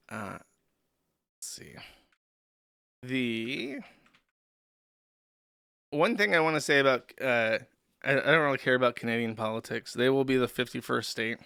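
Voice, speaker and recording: Bright, crisp-voiced streamer man. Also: mid-range voice, no room sound, clean studio sound. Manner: rambling, profane, sarcastic joking. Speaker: streamer host. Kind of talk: livestream commentary.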